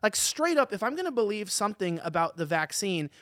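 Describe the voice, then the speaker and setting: A man hosting a casual talk podcast, excitable and joking. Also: sits high, fairly quick, dry recording, studio quality. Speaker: podcast host. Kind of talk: casual studio talk show.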